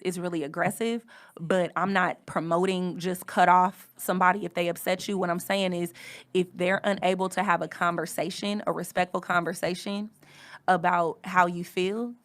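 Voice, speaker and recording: Frank woman podcaster, lowish voice. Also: a bit bright. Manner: frank, conversational, reading from notes. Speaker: podcast host. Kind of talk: candid personal monologue.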